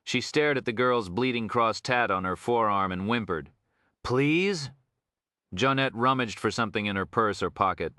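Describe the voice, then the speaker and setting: Low, bright-toned male audiobook narrator. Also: a little fast, hardly any pauses, dry recording, studio quality. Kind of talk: scripted narration.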